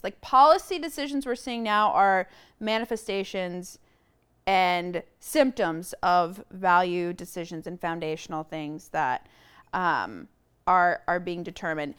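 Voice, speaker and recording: A woman's voice: lowish voice, a bit bright, clean tone. A woman guest on a podcast, talking earnestly in casual conversation and searching for her words, on a lapel mic. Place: room shared with host.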